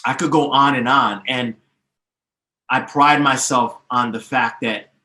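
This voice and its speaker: With a sharp, steady tone and measured pace, a medium-pitched male voice guides this podcast interview. The guest, a DJ teacher, explains at length, confident and emphatic, citing names and history, in an echoey, roomy space.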